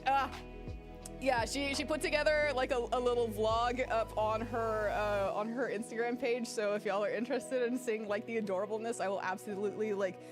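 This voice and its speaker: A fairly high-voiced woman chatting through a game playthrough, rambling from thought to thought and swearing freely. Her storytelling is animated, with sudden leaps upward in pitch. Game music plays clearly behind her. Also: moderate pace. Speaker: gaming YouTuber. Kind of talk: casual chat during a game playthrough.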